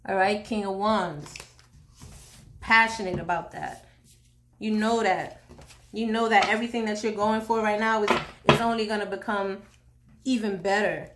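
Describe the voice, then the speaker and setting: A woman's voice: medium pitch, very noisy. A woman from Haiti giving a casual tarot reading, slangy and chatty with jokey asides. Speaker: tarot reader.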